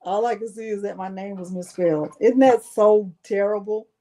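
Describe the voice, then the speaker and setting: A woman's voice: mid-range voice, steady tone, moderate pace, warm tone. A woman hosting a live crafting stream, chatting with her viewers in a playful, self-mocking way. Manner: chatty, talks straight to viewers. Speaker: crafting channel host.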